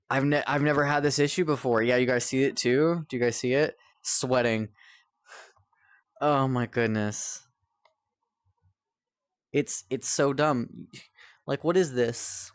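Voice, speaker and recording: A man's voice: medium pitch, dry recording, studio quality. A young man live-streaming, chatting to viewers in a rambling, exasperated way and swearing often as his game keeps failing. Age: young adult. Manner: exasperated, rambling, swears a lot, talks to chat. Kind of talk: live-stream chat while gaming.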